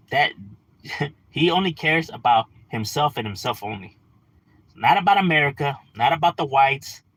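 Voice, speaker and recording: Casting: young guy, livestream ranter, blunt and profane, bright husky voice, very lively pitch. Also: poor audio. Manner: blunt, profane, rhetorical questions. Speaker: livestream host. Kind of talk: casual ranting on a livestream.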